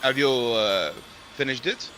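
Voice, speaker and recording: A man's voice: medium pitch, measured pace, bright, forceful tone, slight background noise. A man on gaming voice chat, giving short, helpful instructions to teammates.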